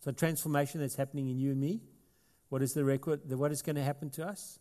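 A man's voice: mid-range voice, fairly even intonation, fast talker, mellow. A man with a South African accent preaching a sermon as pastor, talking conversationally and building to emphatic passages. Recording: long hall reverb.

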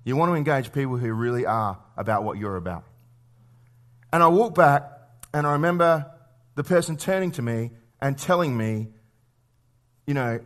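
A man preaching a sermon in a conversational way, telling stories and asking rhetorical questions, reading scripture slowly and quietly. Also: mid-range voice, lively intonation.

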